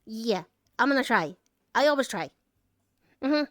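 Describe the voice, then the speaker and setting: Woman, high-pitched, close dry sound, choked up, holding back tears, halting speech, many restarts. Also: animated, a bit bright, no room sound. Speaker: artist reflecting on a convention. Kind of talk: emotional personal reflection.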